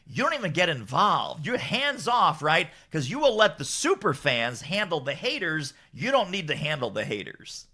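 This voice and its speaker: Middle-aged guy with a bright, forceful voice, super animated, jumps way up in pitch doing other people's lines. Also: moderate pace, few pauses. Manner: lively, acts out quotes with big pitch jumps, laughs often. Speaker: guest, author and business strategist. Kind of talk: animated storytelling in podcast chat.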